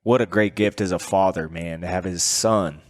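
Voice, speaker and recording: Low-voiced man hosting a podcast. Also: moderate pace, no echo, studio quality. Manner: effusive and praising, calls the guest brother and dude. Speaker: podcast host. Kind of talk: casual interview chat.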